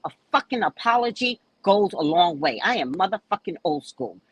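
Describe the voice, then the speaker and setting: Husky-voiced woman, blunt and heated. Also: lowish voice, sing-song, moderate pace, no echo. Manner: reads text messages aloud. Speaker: psychic reader recounting a client dispute. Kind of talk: casual storytelling to viewers.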